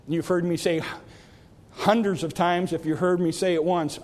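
A man preaching a sermon as a pastor, swinging from impassioned shouting down to hushed, pleading repetition. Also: high-pitched, steady tone, normal speed. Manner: rises to impassioned shouts, drops to hushed pleas. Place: church sanctuary. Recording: long reverb of a church hall.

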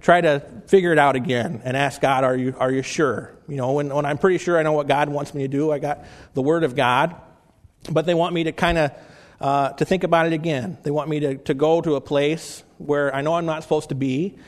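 A male pastor delivers a sermon in a somewhat high voice, talking to the congregation like a friend. He restarts phrases as he goes and slows down when he quotes scripture. His voice carries a long reverb from the church hall. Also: steady tone. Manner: conversational preaching with frequent restarts, slowing for scripture quotes.

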